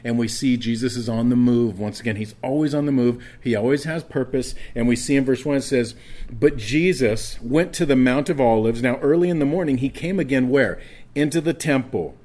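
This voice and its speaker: Male pastor, sermon delivery, earnest, halting restarts, drops low on key words. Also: a little mellow. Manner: earnest, with frequent restarts and stammered repeats.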